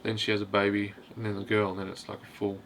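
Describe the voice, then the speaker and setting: A man's voice: fairly low pitch, completely flat delivery, fast, creaky, a bit bright, slight background noise. A man casually reviewing a film, hesitant and rambling, with constant "you know" fillers. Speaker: host of a film review video.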